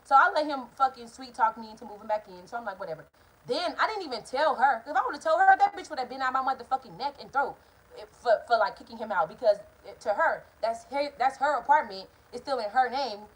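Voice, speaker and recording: A young woman telling a story to her viewers, animated and profane, talking straight to the camera. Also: fairly high pitch, fast, low-quality recording. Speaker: vlogger. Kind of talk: casual storytime vlog.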